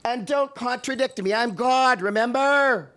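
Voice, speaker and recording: A man's voice: very high voice, a little slow, pushed and bright, voice pushed up, full character voice. A man voicing God as a boastful, contemptuous deity fed up with humanity, in a performed poetry reading. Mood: scornful, boastful. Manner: grandiose and contemptuous.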